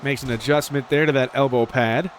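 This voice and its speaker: A man giving casual play-by-play commentary over a video game wrestling match, excitable, jumping up in pitch on the big moves. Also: fairly quick, slight background noise.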